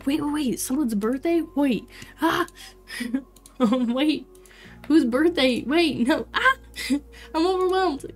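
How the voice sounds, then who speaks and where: Young woman, game streamer, bubbly and chatty, higher pitch, soft music underneath. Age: 20s. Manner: bubbly, chatty, laughs often. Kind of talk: casual livestream chat while playing.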